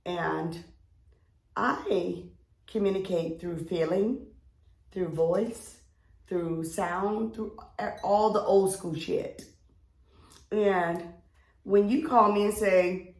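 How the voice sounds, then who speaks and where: A woman co-hosting a podcast, telling a long story in a loud, animated way, acting out her friends and swearing freely. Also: mid-range voice, extremely slow, long pauses. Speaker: podcast co-host. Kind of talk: casual chat. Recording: roomy echo.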